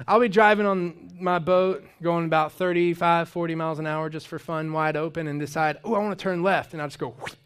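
A young man giving a casual, conversational sermon, telling personal stories and lifting his voice for emphasis. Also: fairly high pitch. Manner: conversational, storytelling, rising with emphasis. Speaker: preacher.

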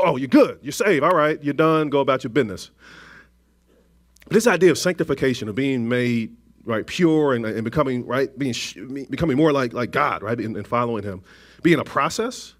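Chatty man preaching a sermon. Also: mid-range voice. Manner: conversational, self-deprecating, many restarts and asides to the congregation.

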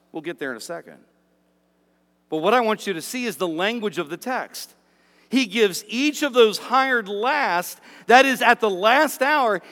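High-voiced pastor guy preaching, swings all over in pitch, long echo of a big hall. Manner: animated, acts out grumbling workers in asides. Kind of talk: sermon.

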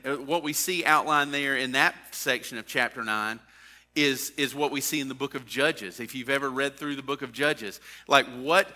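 A male pastor preaching and reading scripture, with a very bright, forward, sharp-edged voice sitting a little high for a man. He talks earnestly, swelling on key phrases and sinking low and quiet to drive a point home.

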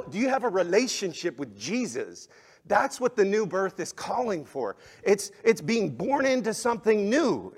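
A male pastor preaching a sermon, swinging between loud, emphatic exhortation and hushed, soft passages. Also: fairly high pitch.

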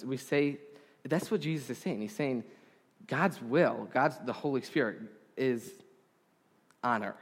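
A man's voice: mid-range voice, measured pace. Earnest male preacher in a reverberant hall. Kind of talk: sermon. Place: congregation hall.

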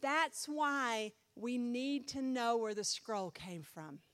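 Lively, higher-voiced woman pastor. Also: takes it slowly, no echo. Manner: chatty, animated, asks the class many questions. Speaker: pastor teaching a Bible class. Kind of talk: informal Bible class teaching.

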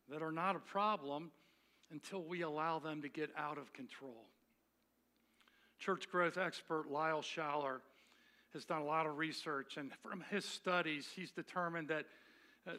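A man's voice: fairly high pitch, pushed and bright. A man preaching a sermon as a pastor, earnest, with frequent repeated words and restarts.

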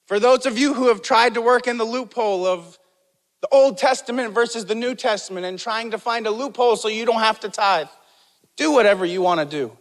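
A man preaching a sermon as pastor, emphatic, repeating key phrases and calling on the congregation to respond. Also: very high voice. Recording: long hall reverb.

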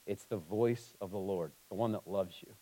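A man preaching a sermon, moving between emphatic, passionate stretches and quiet, somber ones. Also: on the low side, normal speed, rough recording. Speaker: pastor.

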